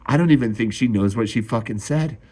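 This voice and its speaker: A young male vlogger delivers a raw confessional monologue in a brisk, medium-pitched voice with a darkish tone and a breathy edge. He swears and sighs often, his voice rising and falling with distress and climbing when he gets upset.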